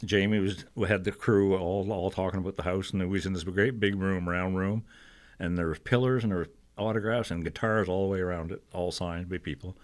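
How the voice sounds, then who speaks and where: A man's voice: low-pitched, fairly quick. An older man from New Brunswick, a guest singer-songwriter telling stories in a talk-show chat. He acts out other people's voices and chuckles often. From Fredericton, New Brunswick, Canada. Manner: lively storyteller who acts out quoted voices and chuckles often. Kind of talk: casual storytelling in a TV interview.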